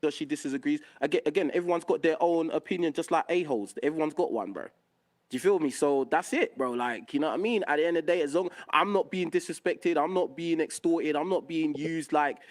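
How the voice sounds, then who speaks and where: A man's voice: a little high, a little fast. A young man hosting a call-in show, arguing insistently and repeating himself. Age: young adult. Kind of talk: heated call-in argument.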